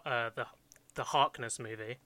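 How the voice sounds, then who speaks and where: A man's voice: medium pitch, fairly even intonation, moderate pace, pushed and bright, dry recording. A man chatting casually about film ideas, hesitant with many restarts, a bit phlegmy.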